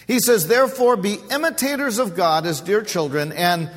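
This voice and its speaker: A man's voice: high-pitched, moderate pace, fairly bright tone, big-room sound. A male pastor preaching a sermon at a pulpit microphone, explaining scripture and asking his congregation rhetorical questions. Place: church sanctuary.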